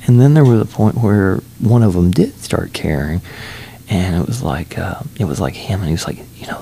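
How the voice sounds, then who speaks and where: Gravelly, low-voiced man telling a rambling story. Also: dark tone. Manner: rambling, amused, lots of fillers and restarts. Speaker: solo traveler telling a story. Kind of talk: casual storytelling vlog.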